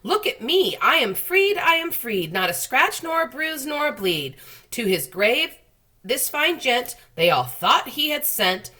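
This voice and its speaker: A woman voicing an excitable, boastful male centipede who shouts and chants rhymes in a storybook reading. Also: a little slow, full character voice. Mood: jubilant. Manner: shrill, shouting, sing-song rhymes.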